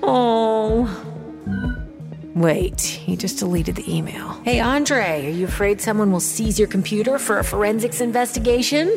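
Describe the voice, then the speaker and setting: A woman's voice: medium pitch, normal speed, music in the background, natural voice. A woman playing a wry young hacker. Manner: wry, sardonic inner monologue. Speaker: hacker protagonist. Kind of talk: audio drama acting.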